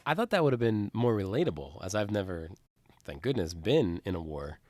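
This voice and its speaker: A man with a lowish voice co-hosting a casual film discussion. He makes wry, conversational remarks. The recording is dry, with no room sound around him. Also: very animated, a little fast, a little mellow, dry recording. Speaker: podcast co-host.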